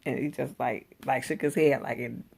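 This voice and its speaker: Low gravelly woman, chatty reviewer. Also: normal speed, a little hiss or hum. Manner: animated, slangy, exclaims and laughs while retelling. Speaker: TV episode reviewer. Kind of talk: casual chatty recap.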